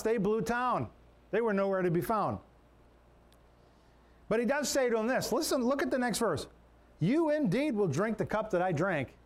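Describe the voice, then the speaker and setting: High-voiced male pastor preaching conversationally. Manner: conversational preaching with repeated words and restarts. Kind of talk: sermon.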